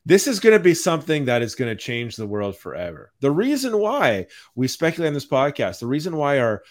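A man hosting a podcast, delivering a calm, mild-mannered rant in casual chat. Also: fairly high pitch, fairly quick. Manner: even-toned, mild-mannered ranting. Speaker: podcast host.

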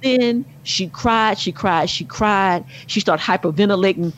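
Co-host: middle-aged woman, animated storyteller, muffled lo-fi sound. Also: measured pace. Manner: animated storyteller, rises to high exclaims. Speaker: podcast co-host. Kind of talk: casual chat.

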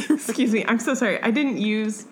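A woman co-hosting a casual book chat, animated, swearing freely and acting out conversations. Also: on the high side, moderate pace, a little hiss or hum. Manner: animated, swears freely, acts out quoted exchanges. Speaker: podcast co-host. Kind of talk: casual chat about books.

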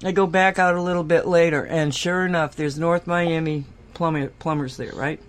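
A woman's voice: low voice, fairly even intonation, moderate pace. A woman hosting a casual chat. She tells a rambling story, laughs often and acts out the people she quotes. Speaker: host.

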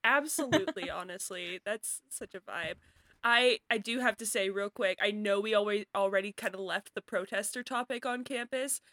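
A woman in her twenties chatting casually as a player, telling stories in an animated, giggly way. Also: mid-range voice, normal speed, no room sound, studio quality. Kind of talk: casual chat.

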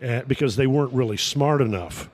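A man's voice: mid-range voice, lively intonation, darkish tone. Rambling storytelling man, guest. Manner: rambling, halting with fillers, chuckles through punchlines. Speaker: podcast guest. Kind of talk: casual anecdotal storytelling.

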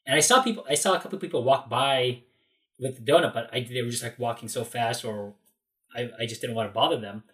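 Animated man telling a story. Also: mid-range voice, fast talker, recorded from a distance. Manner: animated storyteller, acts out quotes, many fillers. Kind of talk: casual chat.

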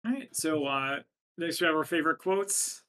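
A man's voice: a little high, moderate pace, bright, forceful tone. A man co-hosting a podcast, chatting casually about a film and reading facts and quotes aloud. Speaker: podcast co-host. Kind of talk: casual chat.

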